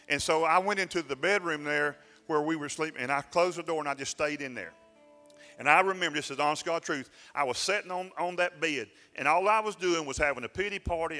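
A pastor telling a personal story in a sermon, folksy and self-mocking, dropping into plain dialect grammar. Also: male voice, a little high, sharp tone. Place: church sanctuary. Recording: church sanctuary with long reverb and faint music.

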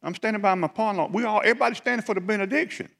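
A man from South Georgia with a Southern US accent, preaching a lively testimony sermon with animated storytelling. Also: sits high, very fast, vocal fry. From South Georgia, USA. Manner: animated storytelling, building to fervent praise. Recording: reverberant hall.

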